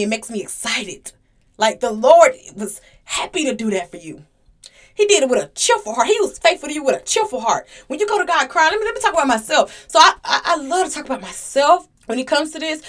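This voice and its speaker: A woman's voice: high voice, fairly bright tone. A woman hosting a Christian podcast, teaching, repeating phrases for emphasis and acting out little dialogues. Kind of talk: casual preaching monologue.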